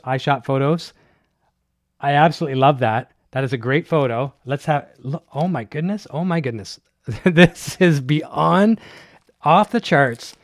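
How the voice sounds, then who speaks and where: A man's voice: mid-range voice, dry recording, studio quality. Gushing man hosting a live show. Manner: excitable, gushing, many fillers and restarts. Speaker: host of a live gear show. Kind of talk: casual live unboxing chat.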